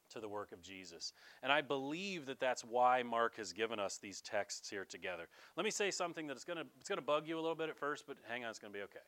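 A male pastor preaching a sermon in a conversational style, speaking directly to the congregation. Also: mid-range voice. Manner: conversational, animated, addresses listeners directly.

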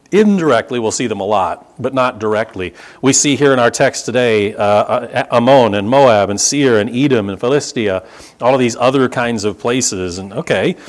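A man from the United States preaching a conversational Bible sermon, explaining with casual asides and rising emphasis. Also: medium pitch. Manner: conversational teaching with asides and humor. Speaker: pastor.

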